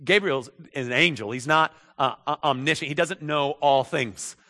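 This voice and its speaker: A man's voice: a little high, moderate pace, bright, forceful tone. A male pastor preaching a sermon in a church, talking conversationally and repeating phrases as he checks in with his listeners. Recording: echoey hall.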